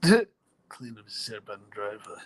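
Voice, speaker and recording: A man with a lowish, sing-song voice hosts a casual live chat at normal speed. He reads out viewers' names, makes fun of himself, and laughs often.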